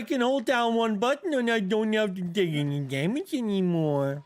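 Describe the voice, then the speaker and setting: A man streaming a game, giving profane, trash-talking, excitable commentary on the match. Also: sits high, moderate pace, hardly any pauses. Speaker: gaming streamer. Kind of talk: live gameplay commentary.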